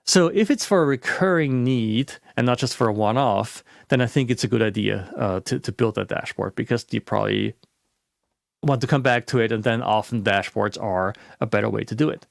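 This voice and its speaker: Gravelly-voiced man giving a webinar talk. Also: medium pitch, moderate pace, no echo, clean studio sound. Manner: conversational with restarts and fillers. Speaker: presenter. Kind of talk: webinar presentation.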